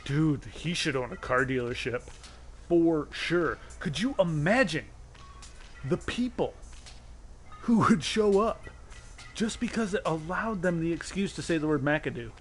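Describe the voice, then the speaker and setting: A man rambling playfully through a casual game stream, laughing as he goes. His voice sits a little high for a man, with a very lively, bouncy pitch. Faint game music plays underneath. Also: unhurried. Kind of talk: casual let's-play commentary. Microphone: desk mic on a stand.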